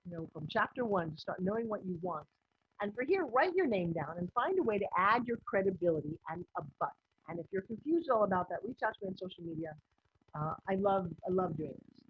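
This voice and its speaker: A woman business coach giving a recorded online course lesson in a lively, conversational way, acting out bits of dialogue. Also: fairly low pitch, a little hiss or hum. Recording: slightly muffled lo-fi audio.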